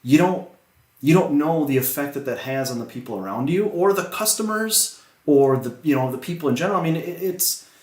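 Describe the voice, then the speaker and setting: A man's voice: fairly high pitch, animated, brisk, darkish tone. Reflective man co-host, echoey room. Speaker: podcast co-host. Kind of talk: casual faith-based chat.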